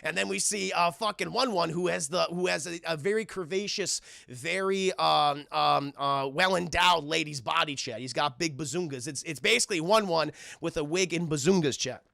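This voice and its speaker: This is a male streamer recapping a cartoon for his live chat, animated and cursing as he goes. His voice sits a bit high and has a gravelly, bright edge. The sound is dry and close to the mic. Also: normal speed, hardly any pauses, no room sound. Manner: animated, swears a lot, keeps addressing the chat. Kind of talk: casual profane scene recap.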